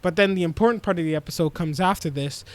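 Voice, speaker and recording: A young man with a fairly high voice recaps an anime episode for a casual podcast. He tells it loosely and animatedly, slipping into the characters' lines in slang. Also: quick pace. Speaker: podcast co-host.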